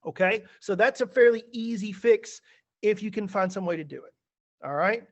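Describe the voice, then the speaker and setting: A male teacher with a fairly high, bright voice talks students through feedback on a video call, chatty and a touch theatrical. The audio sounds a little dull and muffled, like a typical online meeting. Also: moderate pace. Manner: chatty, animated, a bit theatrical. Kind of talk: online class feedback session.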